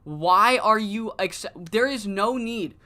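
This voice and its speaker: A man's voice: high voice, slow, pushed and bright, heavily acted. A woman voicing a weary, questioning male tag partner. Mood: scolding.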